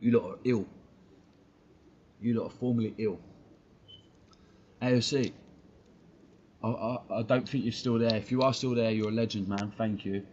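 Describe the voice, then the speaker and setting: A man's voice: lowish voice, steady tone, normal speed, pauses often, darkish tone, highs cut off. A man, talking on a live stream in a blunt, slangy way and swearing freely. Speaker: football fan streamer.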